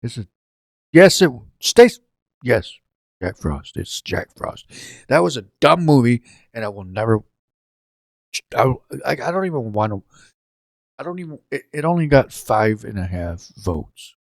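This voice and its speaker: A man's voice: mid-range voice, sing-song, measured pace, vocal fry, pauses often, dry recording, studio quality. A man hosting a casual live stream from his home setup, rambling and joking as he talks to viewers in chat by name. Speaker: livestream host.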